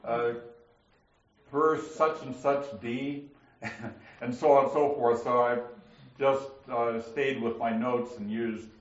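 A man's voice: mid-range voice, steady tone, slow, long pauses, reverberant, muffled recording. A man teaching a Bible class, explaining grammar step by step and reading passages aloud to students. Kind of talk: classroom lecture on scripture grammar.

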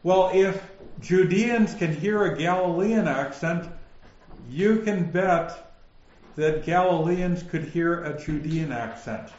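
A man's voice: on the high side, slow, darkish tone, echoey room, highs cut off, slight background noise. A man with a northern Minnesota accent teaching a Bible passage, his questions rising so little they sound like statements.

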